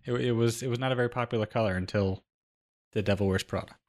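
Podcast guy w a dry deadpan sense of humor, mid pitch, chill chat. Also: fast. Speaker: podcast co-host. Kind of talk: casual chat.

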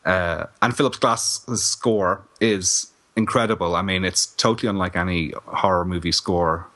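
A middle-aged man co-hosting a casual film review podcast, chatty and animated, laughing often. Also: low-pitched, moderate pace. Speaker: podcast co-host.

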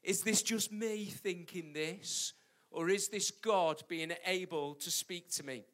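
A man's voice: high-pitched, takes it slowly, a bit bright. A British man preaching a sermon, emphatic and repeating his key points, with jokey asides. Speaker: pastor.

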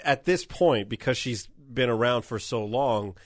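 A man's voice: medium pitch, unhurried, no echo, studio quality. A man co-hosting a casual chat, tossing in joking asides.

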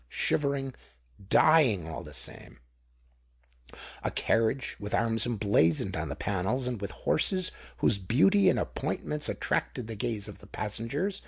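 Male audiobook narrator, dramatic, husky and gravelly, lively delivery. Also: mid-range voice, no room sound, studio quality. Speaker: audiobook reader. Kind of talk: scripted narration.

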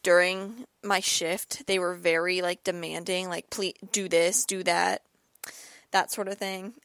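Her voice medium-pitched and a bit bright, with no room sound, a young podcast host rambles through a personal story. She's ill with an ear and throat infection, and her casual telling is full of repeated words and "like."

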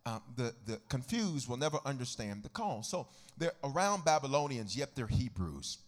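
A man preaching a sermon as pastor, swinging from quiet teaching into sung, shouted whooping. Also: very animated, normal speed, few pauses, faint music behind. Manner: whooping preacher rising into sung shouts, then dropping low.

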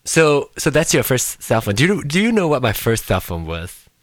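A man's voice: medium pitch, very animated, moderate pace, no room sound. A man from Malaysia hosting a podcast in casual chat, playful and teasing, breaking into laughter. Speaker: podcast host.

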